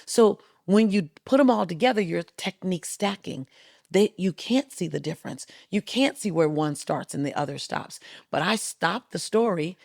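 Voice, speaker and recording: A woman guest speaker on a podcast tells stories with emphatic rhythm and lively drive. Her voice has a gravelly edge, and the studio sound is close and dry, with no room around it. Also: fairly low pitch, normal speed, no room sound. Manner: emphatic, rhythmic, animated storytelling. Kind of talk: storytelling interview talk.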